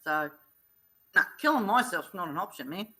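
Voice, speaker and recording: A woman's voice: lowish voice, lively intonation, moderate pace, bright, forceful tone, husky, low-quality recording. A middle-aged woman vlogging, earnestly retelling events in blunt, casual talk. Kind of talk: casual storytelling vlog.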